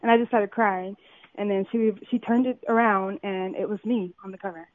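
A woman's voice: mid-range voice, moderate pace, no echo. A young woman from Compton talks eagerly, piling on "like" and "um" as she tells her story. Her voice comes through a tinny phone line with a dry, close sound. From Compton, California. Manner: excited, filler-heavy storytelling. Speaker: model, interview guest. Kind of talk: phone interview, casual storytelling.

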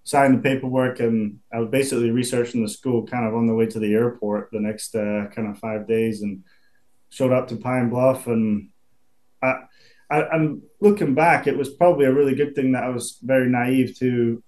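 A man in his twenties with a Scottish accent, a pro football punter chatting in an interview, relaxed and quick to laugh. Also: medium pitch. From Scotland. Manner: laid-back, chatty, laughs easily, many restarts. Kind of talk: casual interview.

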